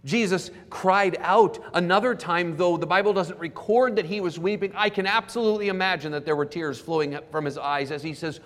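A man preaching a sermon as pastor, earnestly explaining words and softly repeating key phrases for emphasis. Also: high voice, fairly even intonation, brisk, few pauses. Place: church sanctuary. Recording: preached in a reverberant church hall.

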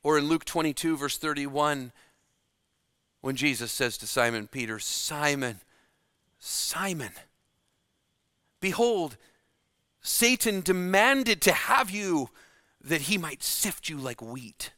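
Guy preaching a sermon real slow and dramatic, goes quiet to hit a point, bright tone. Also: fairly high pitch, animated, no room sound, studio quality. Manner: slow and dramatic, dropping to a hush for emphasis.

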